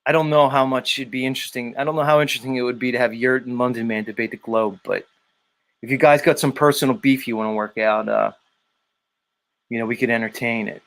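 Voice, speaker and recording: A man's voice: medium pitch, steady tone, fast talker, fairly bright tone. Teasing man hosting a live stream. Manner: blunt, teasing, swears freely. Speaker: live stream show host. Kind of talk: casual live stream chat, reading chat messages.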